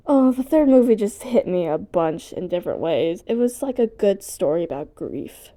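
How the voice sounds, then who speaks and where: A woman vlogging at home in a rambling, casual way, excitable and easily sidetracked, and she swears casually. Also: medium pitch, a little slow.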